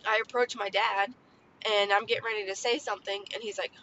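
Woman in her thirties, casual parenting podcast, rambling and chatty, bright voice, slightly dull recording. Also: mid-range voice, steady tone, brisk. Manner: rambling, chatty, many fillers. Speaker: podcast host. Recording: slightly dull lo-fi sound with faint background noise.

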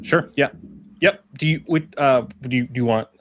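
A man co-hosting a casual podcast, talking in halting starts with many fillers. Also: medium pitch, a bit bright. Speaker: podcast co-host. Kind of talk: casual chat.

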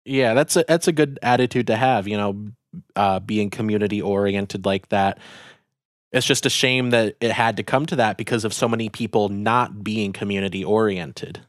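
Guy with a lowish smooth voice, chill wry chat, dry close mic. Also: moderate pace, no echo. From United States. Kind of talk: casual conversation.

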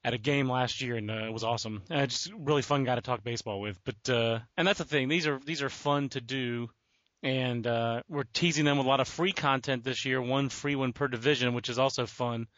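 A man hosting a podcast, talking in a relaxed, casual way with many fillers. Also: mid-range voice, brisk, dry recording, muffled recording. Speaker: podcast host.

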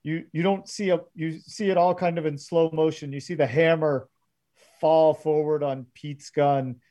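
A man narrating a tabletop game as game master, often pausing and restarting. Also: a little high, steady tone, mellow. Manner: halting, filler-heavy narration.

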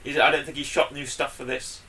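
A man chats casually as a podcast co-host, rambling and enthusiastic, jumping into loud bursts when something excites him. His voice has a bright edge. He sits a little back from the mic. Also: medium pitch, fairly quick, recorded from a distance. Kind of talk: casual chat.

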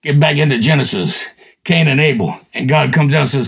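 An older man telling Bible stories in a folksy, animated, casual chat as a podcast co-host. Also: a little high, a little fast, creaky, husky. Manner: folksy, animated, acts out voices.

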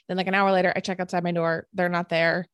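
A woman telling a personal story in casual chat, animated and full of "like" fillers. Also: lowish voice, fast, clear, resonant tone, no echo. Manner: animated, filler-heavy retelling with many "like"s.

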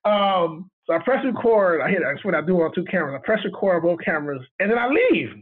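A man, a video director, tells a story in casual chat, animated and laughing as he acts out what people said. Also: high-pitched, quick pace, breathy edge. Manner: animated, laughing retelling with quoted dialogue. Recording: tinny phone line.

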